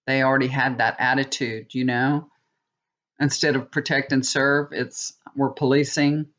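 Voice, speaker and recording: A tarot reader delivers a casual, rambling monologue with many restarts, often checking in with viewers by asking "okay?" Her bass voice is level and fairly bright in tone, with a measured pace. The audio sounds dull.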